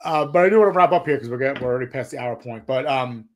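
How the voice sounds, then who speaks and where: A relaxed man chats as a podcast co-host. His voice sits at an everyday middle pitch, and he agrees easily while steering the talk along. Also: rapid-fire, slight background noise. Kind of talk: casual chat.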